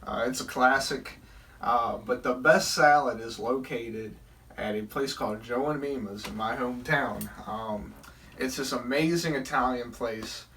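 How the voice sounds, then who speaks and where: A man's voice: mid-range voice, measured pace, a bit bright, far from the mic, a little hiss or hum. A young man from Southern Virginia telling a rambling personal story, with many fillers and restarts. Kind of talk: casual storytelling.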